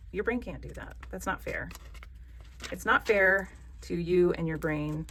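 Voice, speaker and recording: Woman, Southern American accent, lowish voice, chatty, joking, encouraging, faint room hum. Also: lively intonation, brisk, fairly bright tone. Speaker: craft channel host. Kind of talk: casual craft tutorial.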